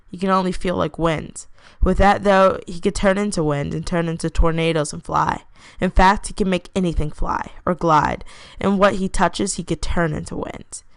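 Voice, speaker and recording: A woman reading her own fantasy story aloud, plainly and unhurried, pausing to correct herself. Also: fairly low pitch, smooth, no echo.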